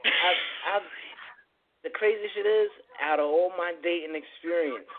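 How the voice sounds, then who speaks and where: A man co-hosting a podcast in casual chat, animated, laughing often and swearing freely. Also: on the high side, unhurried. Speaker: podcast co-host. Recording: tinny phone-like line with clear hiss.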